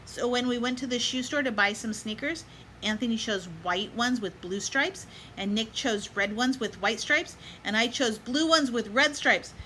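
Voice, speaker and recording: A woman reads a children's picture book aloud in a bright, clear voice, pausing now and then to give small life lessons to children and parents. She asks her young listeners to chant along with her. A faint hiss sits under her voice. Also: a little high, low-quality recording. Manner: pauses to add gentle life lessons for kids and moms. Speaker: storybook reader.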